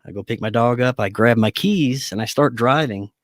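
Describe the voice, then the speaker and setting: A man's voice: medium pitch, moderate pace, no room sound, studio quality. A man telling a personal story as a podcast guest, acting out the voices of people in it and laughing often. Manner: animated storyteller who acts out dialogue, laughs often. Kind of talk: storytelling in a casual interview.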